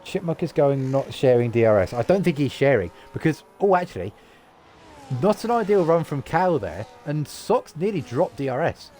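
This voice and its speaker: A tired man from the UK giving lively, chatty live commentary on an online racing league and reading out lap times. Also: fairly high pitch, moderate pace. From United Kingdom. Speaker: race commentator.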